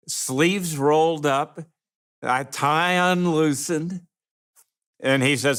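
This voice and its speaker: A man's voice: a little high, fairly bright tone, smooth. An older man from Michigan in an oral history interview, telling stories and acting out the voices of people he quotes. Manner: slow, anecdotal, acts out quoted voices.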